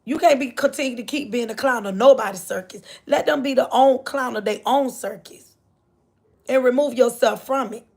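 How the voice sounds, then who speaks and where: A woman's voice: on the high side, moderate pace, gravelly, darkish tone. An older woman speaking gives an inspirational faith talk to her livestream viewers, repeating her phrases and greeting them by name. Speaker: livestream host.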